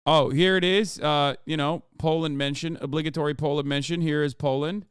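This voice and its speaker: A man's voice: fairly high pitch, fairly quick, clear, resonant tone, dry recording, studio quality. A man streaming, reacting to news in casual, profane commentary that trips over and repeats its words. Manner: profane, animated, repeats himself.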